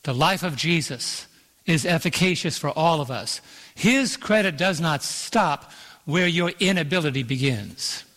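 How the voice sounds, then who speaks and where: A man's voice: on the high side, expressive, fairly bright tone. Preaching man in a reverberant auditorium. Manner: emphatic preaching, slows for scripture, calls for "Amen". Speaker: pastor. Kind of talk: sermon. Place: church auditorium. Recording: long hall reverb in an auditorium.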